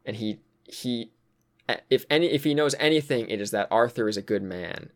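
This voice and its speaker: A man's voice: medium pitch, normal speed. A man in casual chat, thinking aloud about a game's story, with frequent fillers and sighs. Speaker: co-host discussing a video game.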